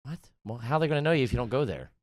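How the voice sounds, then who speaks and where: A man's voice: medium pitch, expressive, rapid-fire, dry recording, clean studio sound. A man co-hosting a comedy podcast, ranting in exasperated casual banter with lots of swearing. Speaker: podcast co-host.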